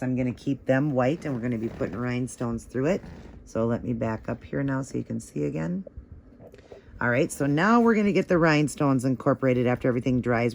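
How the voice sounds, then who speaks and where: Male tutorial host, mid-pitched, gravelly with vocal fry, chatty and encouraging. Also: a little mellow, a little hiss or hum. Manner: chatty and encouraging, gushing over the results. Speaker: nail art tutorial host. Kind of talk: step-by-step tutorial narration.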